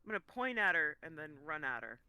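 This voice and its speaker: An eager tabletop player chats casually about their character's actions. The voice is bright and smooth. It is recorded close and dry. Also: medium pitch, very animated, fast, no room sound.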